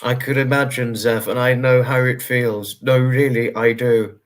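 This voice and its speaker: A man's voice: mid-range voice, fairly even intonation, a little slow. A man hosting a livestream, answering viewer comments in a casual, rambling way. He sounds tired and talks earnestly, with many fillers, as he reassures his viewers. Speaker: livestream host.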